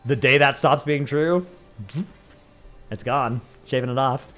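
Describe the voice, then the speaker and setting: A man's voice: mid-range voice, fairly even intonation, unhurried, a bit bright, soft background music. A man with a Northern Californian accent, a livestreamer chatting casually with his viewers, rambling and dropping "like" into many sentences. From San Francisco Bay Area. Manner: rambling, says "like" a lot.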